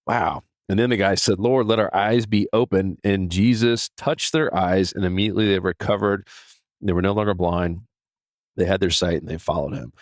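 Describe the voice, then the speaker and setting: Middle-aged male podcast host, deep voice, dry close sound, earnest casual chat with restarts. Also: normal speed, dry recording. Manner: earnest, animated, many restarts and fillers. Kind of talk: casual devotional talk.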